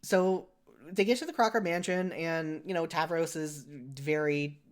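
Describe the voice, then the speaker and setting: A podcast co-host chatting casually at a mid-range pitch. The delivery rambles, full of "like" and restarts, and keeps correcting itself mid-sentence. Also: unhurried. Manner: rambling, filler-heavy, frequent "like" and self-corrections. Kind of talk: casual chat.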